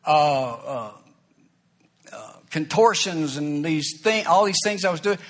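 A man's voice: a little high, expressive, takes it slowly. A man voicing a distraught young woman who claims she is possessed, pleading and rambling.

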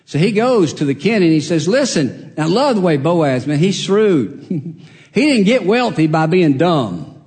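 A man preaching a storytelling sermon, folksy and animated, acting out the characters in his story. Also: normal speed. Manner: folksy, animated, acts out characters with big pitch jumps. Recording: long reverb of a large hall.

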